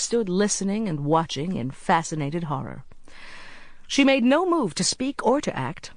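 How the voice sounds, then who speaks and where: An audiobook narrator reading a mystery in a measured way, slowing down at tense moments. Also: mid-range voice, very animated, no room sound, studio quality. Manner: measured, slows for tension. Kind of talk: scripted narration.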